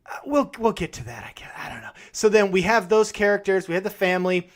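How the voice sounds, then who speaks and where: A man's voice: sits high, very animated, quick pace. A man co-hosting a podcast, chatting casually about films, laughing often and swearing freely. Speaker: podcast co-host. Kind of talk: casual film chat.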